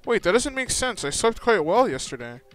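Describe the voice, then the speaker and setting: A determined young student sleuth , voiced aloud by a man reading along, with a bright, ringing tone and a pitch that moves around a lot. Delivery is earnest and plain. Soft game music plays behind. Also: very animated, brisk, rough recording. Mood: puzzled.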